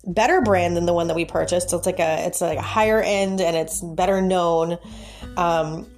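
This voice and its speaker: A woman hosting a podcast, telling a personal story in a casual, animated way and laughing often. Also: lowish voice, normal speed, faint music behind. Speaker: podcast host and life coach.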